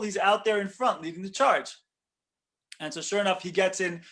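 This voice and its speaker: A man, a rabbi, telling a story in a lesson, animated and often correcting himself mid-sentence. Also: high-pitched.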